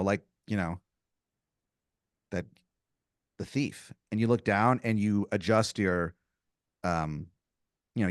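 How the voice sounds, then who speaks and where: A man's voice: fairly low pitch, no echo, studio quality. A man running an improvised tabletop-style story as game master, casual and profane, with lots of fillers.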